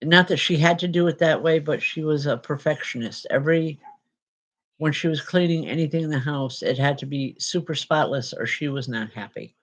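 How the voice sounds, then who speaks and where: A woman medium giving spirit readings to a live audience, talking in a halting, searching way with many fillers and restarts. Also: sits low, poor audio.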